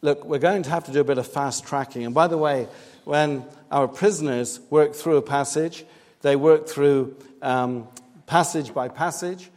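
A man's voice: a little high, normal speed, darkish tone. A man preaching a sermon in a church, earnest and emphatic, pressing hard on his key points. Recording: long reverb, hall-like.

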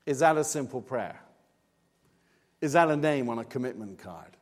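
A man's voice: mid-range voice, expressive, normal speed, long pauses. A man preaching a sermon in a church, earnest and emphatic, pressing hard on his key points. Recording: long reverb, hall-like.

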